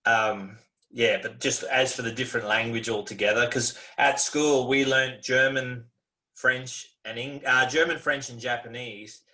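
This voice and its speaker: A man's voice: medium pitch, steady tone, unhurried, pushed and bright. Easygoing Australian man on a call. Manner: easygoing, rambling, laughs often. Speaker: guest. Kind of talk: casual video call chat. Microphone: video call.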